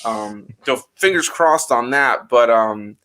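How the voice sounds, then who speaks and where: A man hosting a casual chat, rambling and animated, with plenty of fillers. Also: mid-range voice, slow pace. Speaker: host.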